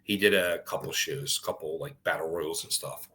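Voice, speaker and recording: A man's voice: deep voice, a little fast, bright, forceful tone. A middle-aged man on a casual podcast, a former wrestler telling a story and acting out quoted voices, swearing freely.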